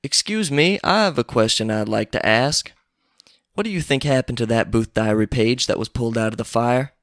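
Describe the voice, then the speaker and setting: Brief: man playing a smug challenger, measured polite delivery, gravelly voice. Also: medium pitch, a bit bright, no room sound, studio quality, lightly acted.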